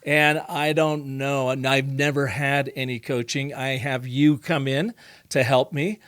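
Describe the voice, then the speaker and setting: A man's voice: medium pitch, fairly even intonation, unhurried, a bit bright, clear, resonant tone, no echo. A man hosting a podcast, asking questions in a conversational way and setting up scenarios. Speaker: podcast host. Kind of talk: podcast interview.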